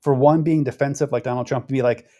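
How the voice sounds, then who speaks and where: A man talks through local politics in a loose, conversational way. He rambles, trips over his words and circles back to finish his thoughts. His voice sits at an ordinary middle pitch. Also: fairly even intonation, quick pace, mellow. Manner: rambling, conversational, frequent restarts and fillers. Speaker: political commentary host. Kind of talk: casual political commentary.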